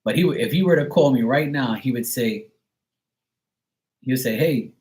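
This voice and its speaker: Casual male streamer, rambling and sarcastic, mid-pitched voice. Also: normal speed, darkish tone, rough recording. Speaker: live stream host reading chat. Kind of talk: casual chat.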